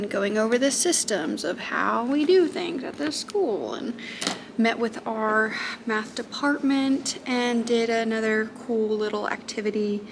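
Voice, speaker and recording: Chatty woman teacher vlogging. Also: fairly high pitch. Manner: chatty, self-deprecating, laughs often. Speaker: high school math teacher. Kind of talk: casual vlog chat. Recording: noticeable background noise.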